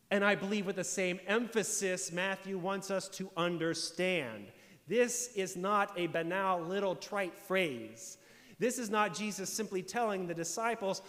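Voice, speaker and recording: A high-pitched man delivers a sermon as pastor, his voice trailing off into a long church reverb. He explains scripture with emphatic, building declarations and rhetorical questions. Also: a bit bright. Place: church sanctuary.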